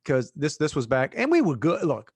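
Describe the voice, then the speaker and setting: A man in his fifties from Louisiana, co-hosting a casual chat and telling animated stories. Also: a little high, normal speed, breathy edge, no echo. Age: 50s. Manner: animated storyteller, acts out voices. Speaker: podcast co-host.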